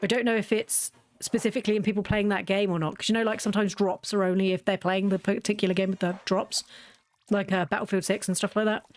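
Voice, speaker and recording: A woman chats casually on a livestream and rambles through anecdotes. She sounds loose and talkative, speaking at an everyday pitch. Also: flat delivery, quick pace. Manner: rambling, chatty storyteller. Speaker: streamer.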